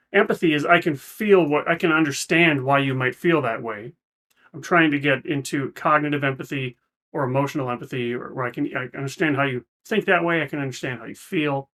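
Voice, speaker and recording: A man's voice: fairly high pitch, sharp tone. A man hosting a reaction video, explaining ideas in a thoughtful, casual way with frequent restarts. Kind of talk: casual commentary.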